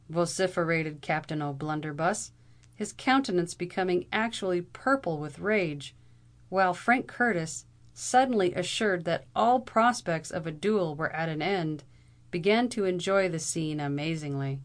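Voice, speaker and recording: A woman narrating a Victorian novel in a clear, steady reading voice. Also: lowish voice, unhurried. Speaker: audiobook reader.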